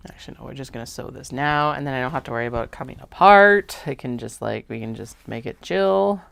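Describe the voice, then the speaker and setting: A woman's voice: extremely low pitch, fast, gravelly, few pauses, a bit bright. A woman vlogging casually while sewing, chatty, muttering and half-whispering to herself as she works.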